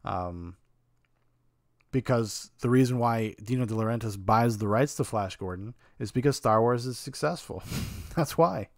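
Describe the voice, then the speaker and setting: A man's voice: mid-range voice, unhurried, no room sound, clean studio sound. A man hosting a podcast, giving a casual and frank film review in a rambling, opinionated way with some swearing.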